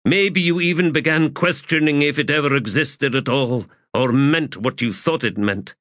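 A man's voice: a little high, moderate pace, fairly bright tone, no room sound, clean studio sound, pitched above the performer's own voice, lightly acted. A man voicing an anguished veteran soldier who speaks in a strained, urgent way, in an audiobook.

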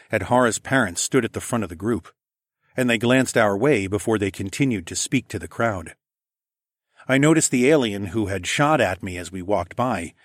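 A low-pitched male voice reads a first-person story in a quiet, intimate tone. The recording is dry and close, with no room sound at all. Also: no room sound. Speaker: audiobook narrator.

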